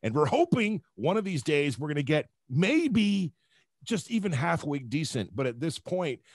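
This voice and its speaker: A man's voice: on the high side, big pitch swings, normal speed, no echo. A man hosting a dad podcast, chatty and teasing as he leads the talk. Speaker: podcast host. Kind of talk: casual chat.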